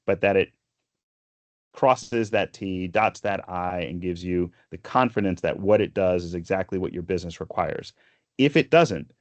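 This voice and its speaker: A man walking through a software product demo, explaining each step steadily with frequent fillers. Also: low voice, no room sound.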